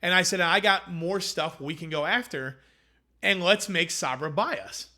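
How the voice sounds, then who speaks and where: A man's voice: high voice, moderate pace. A man, a food company founder, telling his story in a casual interview and acting out quoted conversations. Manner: animated, acts out quoted dialogue.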